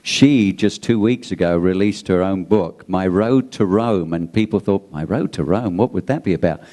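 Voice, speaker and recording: Mellow low-voiced male interviewer. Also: normal speed. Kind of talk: conversational interview.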